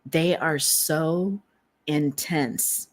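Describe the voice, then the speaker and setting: A woman's voice: low voice, steady tone, drawn-out words. A woman giving a casual collective tarot reading, rambling, often laughing and trailing off while she searches for words. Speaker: tarot reader. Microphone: streaming setup.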